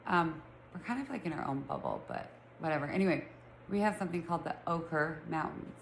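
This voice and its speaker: A woman's voice: sits low, sing-song, a little fast, gravelly, reverberant, a little hiss or hum, rough recording. Chatty Utah woman with a lisp. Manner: chatty, rambling, self-teasing. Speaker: vlogger. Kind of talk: casual chat to camera. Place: room at home with pets.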